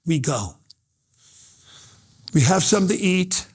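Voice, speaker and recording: A middle-aged man delivers a motivational keynote in a somewhat high voice. He tells personal stories, slips into the voices of the people in them, and drives his message home by repeating it. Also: expressive, a little slow, husky. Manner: storytelling, acts out quoted voices, emphatic repetition. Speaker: motivational speaker.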